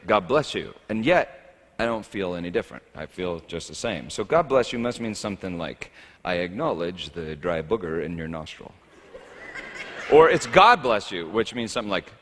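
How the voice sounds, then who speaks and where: A man's voice: low-pitched, animated, normal speed, a bit bright, slight background noise. A man preaching a sermon as a pastor, talking in a wry, conversational and humorous way. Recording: echoey hall reverb.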